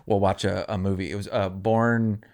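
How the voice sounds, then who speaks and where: A man's voice: sits low, level tone, a little slow, darkish tone. A young man co-hosting a podcast, telling a story in casual chat, laughing often and acting out what people said. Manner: laughing storyteller, acts out quotes. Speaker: podcast co-host.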